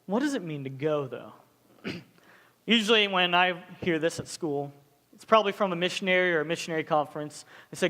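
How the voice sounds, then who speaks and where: A young man preaching a casual, joking sermon to students as a youth pastor, telling stories with animated asides. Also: high voice, fast talker, big-room sound.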